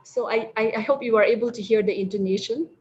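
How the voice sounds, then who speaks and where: Woman teaching words slowly. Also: fairly high pitch, a little mellow, slightly rough. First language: Mizo. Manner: slow, careful, repeats example words. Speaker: webinar resource person. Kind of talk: lecture teaching vocabulary with slides. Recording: muffled online webinar audio.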